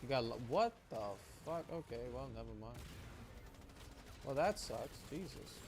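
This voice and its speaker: A man's voice: mid-range voice, lively intonation, a little slow. Guy streamer rambling and swearing at chat, loose and trailing off, noisy background. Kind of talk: casual livestream chat.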